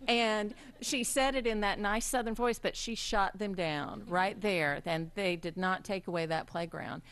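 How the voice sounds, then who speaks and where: A woman presiding over a school board meeting, giving a formal tribute speech with many pauses and ums. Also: medium pitch, fairly even intonation. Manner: warm halting delivery with frequent ums. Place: public meeting room.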